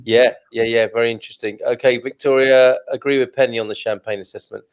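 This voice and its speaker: A man in his forties leads a casual online wine chat. He jokes freely and drifts into long, rambling asides at a middling pitch. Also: fairly even intonation, fast. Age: 40s. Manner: chatty, joking, rambling asides. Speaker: wine club host.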